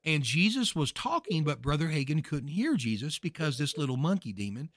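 Fervent preaching man, fairly high voice. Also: very animated, brisk, no echo, clean studio sound. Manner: emphatic, rises to shouting peaks.

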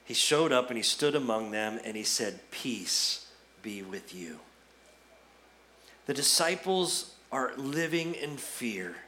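Male pastor preaching on easter, talks casual and funny, bright punchy tone. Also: medium pitch, lively intonation, measured pace, hardly any pauses, a little hiss or hum. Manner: conversational, storytelling with humor. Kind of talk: Easter sermon.

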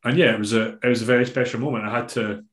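A Scottish man chats casually as a bodybuilding coach, sprinkling his stories with swearing and fillers. His voice sits at an ordinary pitch. The recording has a noticeably roomy echo. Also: rapid-fire. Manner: swears freely, relaxed storytelling with many fillers. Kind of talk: casual podcast chat.

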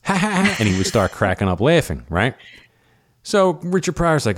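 A man's voice: on the low side, huge pitch swings, normal speed. A man co-hosting a casual chat, a real estate agent who tells stories animatedly and laughs at his own anecdotes.

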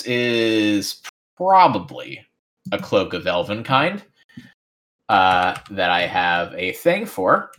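A man narrating as game master of a tabletop game, relaxed and rambling with lots of fillers. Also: on the low side, slow pace.

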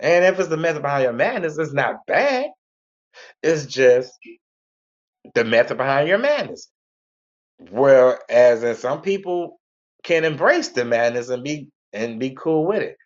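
In lo-fi internet radio audio, a man with a mid-range voice and lively intonation rambles unhurriedly as a talk show host. His casual monologue is laid-back and repetitive.

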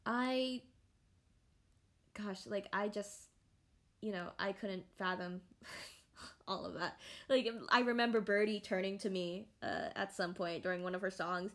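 A young woman chats on her own podcast in a loose, rambling way. She restarts sentences and fills pauses constantly, her voice sitting at an ordinary middle pitch. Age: young adult. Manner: rambling and animated, many fillers and restarts. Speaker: podcast host. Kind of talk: casual solo podcast chat.

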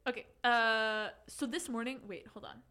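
A woman's voice: on the high side, fairly even intonation, measured pace, background noise. A young woman co-hosting a casual chat podcast, rambling and giggly, reading a Reddit post aloud. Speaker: podcast co-host.

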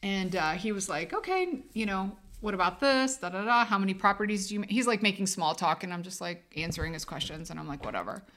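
A woman's voice: mid-range voice, fast, hardly any pauses, a bit bright. A woman, co-hosting a podcast and telling a rambling story with lots of laughter. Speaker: podcast co-host. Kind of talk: casual storytelling chat.

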